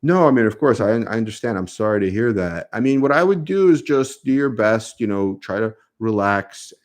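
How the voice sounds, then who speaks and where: A man's voice: lowish voice, expressive, normal speed. A man with a New York accent, a lawyer answering viewer questions on a casual live stream, speaking conversationally with many fillers.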